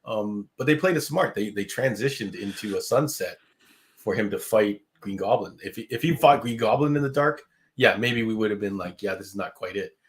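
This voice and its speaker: A man's voice: on the low side, normal speed. A man co-hosting a live show, chatting casually and laughing often. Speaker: co-host.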